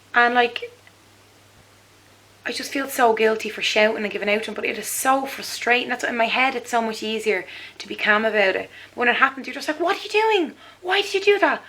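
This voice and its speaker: Bright-voiced mum vlogging. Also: female voice, on the high side, poor audio. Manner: chatty and rambling, many fillers. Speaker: mother vlogger. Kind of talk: casual video diary.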